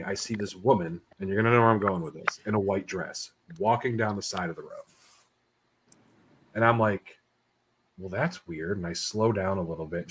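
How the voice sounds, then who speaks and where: A young man with a somewhat low voice tells ghost stories in a loose, casual podcast chat. He is animated and profane, throwing in curses as he talks. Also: breathy edge, rough recording. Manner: profane, animated, swears freely.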